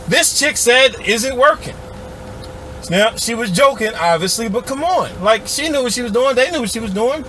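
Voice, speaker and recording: Man, high voice, heated sarcastic rant, talks to viewers directly, faint hiss behind. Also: a bit bright. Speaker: political commentator. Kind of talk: ranting video commentary.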